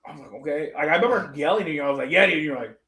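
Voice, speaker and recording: A man's voice: on the high side, very fast, bright, forceful tone, distant mic. A man retelling a story in profane, laughing podcast banter. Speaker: podcast co-host. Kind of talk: casual chat. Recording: echoey room, off mic.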